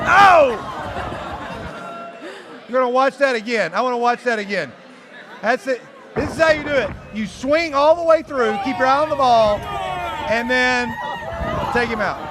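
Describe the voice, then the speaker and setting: Playful high-voiced man hosting a youth show. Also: in a large hall. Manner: playful, chatty, encouraging with kids. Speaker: youth group host. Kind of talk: lively live show hosting.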